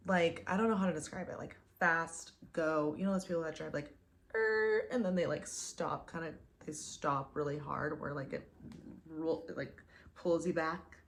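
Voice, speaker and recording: A woman's voice: deep voice, moderate pace. A young woman telling a dating story casually, chatty and full of "like" fillers. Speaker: vlogger.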